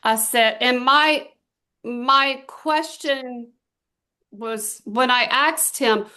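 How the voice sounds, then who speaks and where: Middle-aged woman, kinda high voice, coaching her team, storytelling, leans hard on key words. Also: bright, forceful tone, clear, resonant tone. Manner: emphatic, storytelling, drawn-out stresses. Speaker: team trainer. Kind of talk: motivational talk to a small group.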